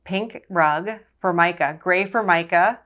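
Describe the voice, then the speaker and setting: A woman from Long Island, a surgeon, telling her story in a casual interview with a brisk, confident manner. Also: on the low side, fairly bright tone. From Long Island, New York. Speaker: guest, surgeon.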